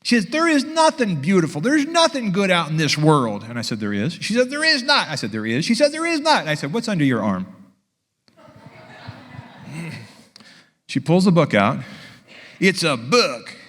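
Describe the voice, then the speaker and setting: Animated man preaching a story. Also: a little high, normal speed, pauses often, in a large hall. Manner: animated, acts out both sides of dialogue. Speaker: pastor. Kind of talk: sermon storytelling.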